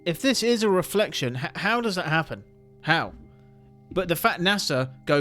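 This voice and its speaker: A man hosting a reaction video, talking excitedly with rhetorical questions and stumbling restarts. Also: a little high, moderate pace, faint music behind. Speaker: host reacting to viral clips.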